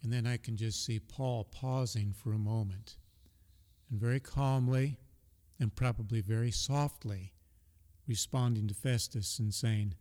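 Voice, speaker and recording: A man's voice: medium pitch, fairly even intonation, measured pace, in a large hall. A man co-hosting a conversational Bible discussion, reading scripture aloud and affirming his partner often. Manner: reads scripture aloud, gives frequent soft affirmations. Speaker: Bible study co-host.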